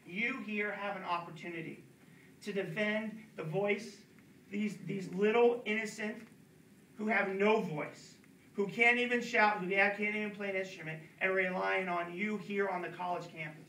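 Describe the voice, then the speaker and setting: His high voice is steady, bright, and forceful at a moderate pace, with slight background noise. Speaking at a college pro-life event, he earnestly presses his audience and repeats words for emphasis, recorded from afar in an echoey room.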